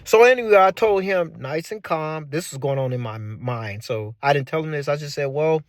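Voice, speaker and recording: A man in his forties telling his own story in a casual, animated way, giving advice and repeating points for emphasis. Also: on the high side, moderate pace, no echo, clean studio sound. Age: 40s. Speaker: channel host.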